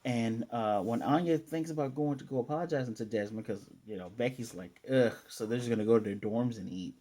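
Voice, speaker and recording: A man's voice: medium pitch, a little fast, dark tone. A man casually recapping an anime episode, chatty and self-correcting, with playful asides. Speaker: anime reviewer.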